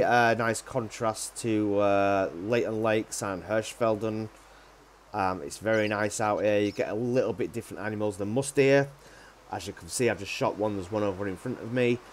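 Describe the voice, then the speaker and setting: A man's voice: fairly low pitch, slight background noise. A man casually commenting on his hunting game play, rambling and hesitant with many ums. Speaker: gaming channel host.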